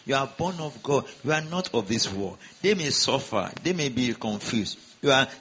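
A man's voice: medium pitch, animated, moderate pace, fairly bright tone, slight background noise, poor audio. A man preaching a sermon to a congregation, exhorting them with rhetorical questions and repeated calls.

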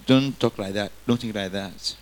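A man's voice: on the low side, moderate pace. A man preaching a sermon, quoting scripture and getting the congregation to repeat lines after him.

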